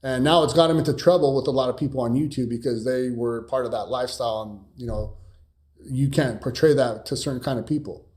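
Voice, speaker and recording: A man's voice: medium pitch, fairly quick, darkish tone. Rambling man in a casual live Q&A. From California. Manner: rambling, many fillers and restarts, blunt with swearing. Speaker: cybersecurity streamer answering viewer questions.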